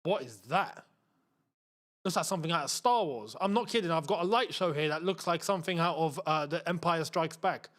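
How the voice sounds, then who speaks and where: A young Londoner hosting a football channel's live watchalong chats excitably and mutters to himself while fiddling with the screen. His voice is a little high and fairly quick.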